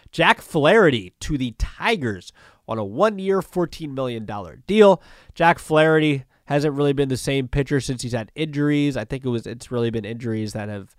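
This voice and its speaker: A man's voice: medium pitch, normal speed, dry recording, studio quality. Chatty male sports podcast host. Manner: loose and conversational, with many fillers and restarts. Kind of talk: casual solo sports talk.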